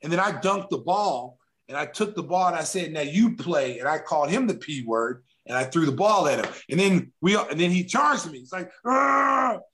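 A middle-aged man from Oklahoma spins a long, casual story for an interviewer. His voice sits a little high, and he throws himself into the quoted lines, jumping up in pitch for the big moments. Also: fairly quick, slight background noise. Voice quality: animated storyteller who acts out quotes. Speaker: guest, former basketball player. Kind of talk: casual anecdote telling.

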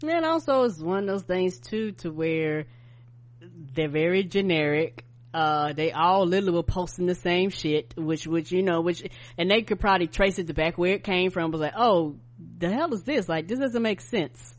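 A woman's voice: fairly low pitch, moderate pace. A woman co-hosting a podcast, talking emphatically in casual chat and backing up her co-host. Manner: emphatic, conversational, backs up co-host. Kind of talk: casual news-commentary chat.

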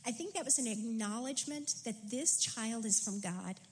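Woman, preacher, scripture reading, earnest, reflective, fairly high voice. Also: moderate pace, a little mellow, slight background noise, poor audio.

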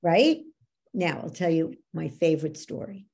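A woman coach explaining how beliefs work, teaching through lively anecdotes and acting out what people said. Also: sits low, normal speed, creaky, breathy edge. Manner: animated storyteller, acts out quoted dialogue. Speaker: belief coach, podcast guest.

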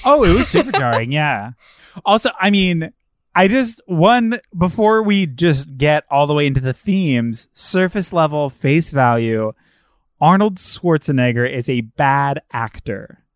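Animated podcast co-host riffing with laughs. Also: mid-range voice, measured pace, no room sound, clean studio sound. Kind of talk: casual movie discussion.

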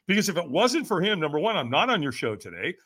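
A middle-aged personal development coach, appearing as a podcast guest, tells a lively story fast and on the high side. He acts out what other people said and keeps checking in with "right?".

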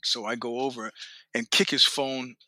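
An older man as an interview guest, telling animated anecdotes with acted quotes and laughter. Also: medium pitch, moderate pace, no echo. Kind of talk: storytelling interview.

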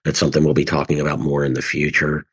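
Very deep husky-voiced male host. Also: flat delivery, fast. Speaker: podcast host. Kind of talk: conversational commentary.

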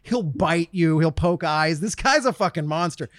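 A man's voice: fairly high pitch, normal speed, no room sound, studio quality. A man telling a funny story in casual chat, acting out the people in it. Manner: animated storyteller, acts out quotes. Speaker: podcast co-host.

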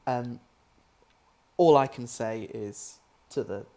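A man's voice: mid-range voice, takes it slowly, mellow. A British man being interviewed as a filmmaker guest, talking casually with many restarts and an amused tone.

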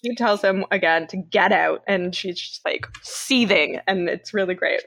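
A woman from Canada, co-hosting a podcast and recapping a film in lively casual chat, swearing freely. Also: mid-range voice, a little slow, creaky, husky. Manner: animated storyteller, laughs often, swears freely. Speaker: podcast co-host.

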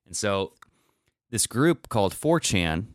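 Guy with a lowish smooth voice rambling thru a story on a podcast, lots of likes and uhs, dry close mic. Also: big pitch swings, takes it slowly, dry recording. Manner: rambling storyteller, many fillers and restarts. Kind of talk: casual podcast chat.

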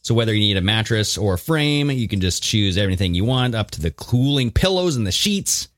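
A man's voice: lowish voice, very animated, fairly quick, no room sound. A man co-hosting a podcast, reading ad copy and news articles aloud with casual asides. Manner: reads ads and articles aloud with loose asides. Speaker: podcast co-host.

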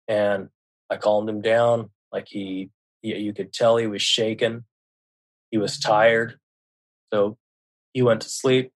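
A man's voice: lowish voice, level tone, unhurried. A middle-aged man from the United States, a podcast guest, candidly recounting a painful family story, often repeating himself and swearing. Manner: candid, recounting dialogue, swears freely, many restarts. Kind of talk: personal storytelling.

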